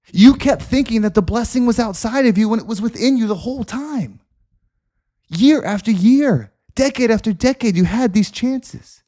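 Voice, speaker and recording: A man's voice: sits high, warm tone. A man hosting a podcast, delivering an intense, repetitive motivational monologue with preacher-like emphasis. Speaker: podcast host.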